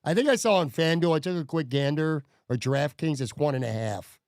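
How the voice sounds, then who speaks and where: A man hosting a sports podcast in casual chat, relaxed and hedging with fillers. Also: a little high, brisk, no echo, studio quality. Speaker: podcast host.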